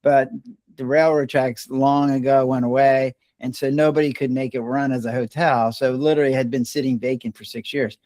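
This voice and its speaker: Older male guest, rambling anecdotal storyteller, average pitch, dry close recording. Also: moderate pace, dry recording. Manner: relaxed, rambling storyteller who restarts words mid-sentence. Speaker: podcast guest, retired doctor. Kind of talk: casual storytelling conversation.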